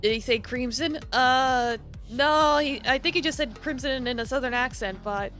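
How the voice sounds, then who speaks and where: A woman's voice: high-pitched, moderate pace, fairly bright tone, faint music behind. A woman streamer giving casual live commentary over a game, with giggly, joking asides.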